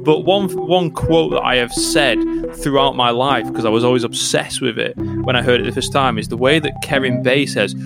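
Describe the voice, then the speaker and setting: A man with a mid-pitched voice hosts a trivia quiz on a film podcast, playful and upbeat as he reads out questions. Loud music plays behind him. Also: moderate pace, gravelly, hardly any pauses. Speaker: podcast co-host, quizmaster.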